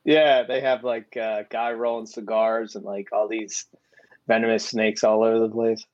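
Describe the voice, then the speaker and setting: A man's voice: fairly low pitch, flat delivery, moderate pace, a little mellow, no room sound, highs cut off. A man hosting a casual podcast chat, upbeat and jokey. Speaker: podcast host.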